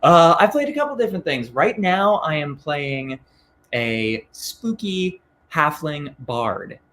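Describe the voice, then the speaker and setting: A man's voice: on the high side, big pitch swings, takes it slowly, fairly bright tone. A man being interviewed as a comic book writer, talking casually and hesitantly with many ums and restarts.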